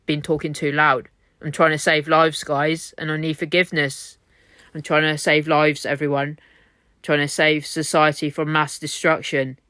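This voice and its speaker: A man's voice: on the high side, pushed and bright, clean tone, dry recording, clean studio sound. A man in a hotel room, rambling on in an exhausted, repetitive monologue laced with swearing. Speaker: vlogger. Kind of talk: rambling self-recorded monologue.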